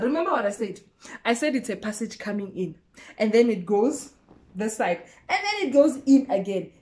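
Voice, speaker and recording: A young South African woman telling a storytime vlog in a lively way, acting out the exchanges as she goes. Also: on the high side. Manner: animated, code-switching storyteller who acts out each exchange. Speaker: YouTuber.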